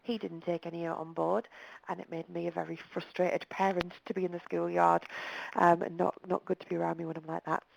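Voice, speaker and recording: Gravelly low-voiced woman presenter. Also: level tone, brisk, dull audio, a little hiss or hum. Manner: direct, plain-spoken, emphatic. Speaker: webinar presenter. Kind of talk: live webinar talk. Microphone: telephone.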